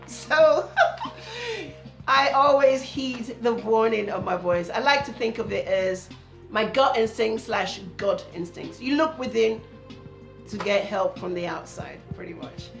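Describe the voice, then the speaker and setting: A woman telling a personal story to camera in a casual, earnest vlog, quietly voicing her inner voice as she goes. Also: a little high, normal speed, creaky, roomy sound, faint music behind. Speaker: vlogger.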